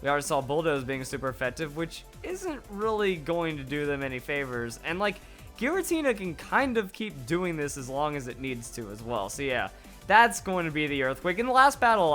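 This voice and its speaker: A man giving excited play-by-play commentary on a video game battle, his voice going hoarse. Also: fairly high pitch. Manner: hype, rapid play-by-play with exclamations. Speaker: gaming YouTuber.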